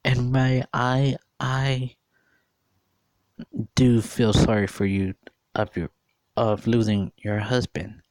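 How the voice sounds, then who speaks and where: A man's voice: mid-range voice, level tone, slow, pauses often, darkish tone, no room sound. A man in his thirties giving an earnest, repetitive opinion monologue, often repeating and questioning. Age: 30s. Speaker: vlogger.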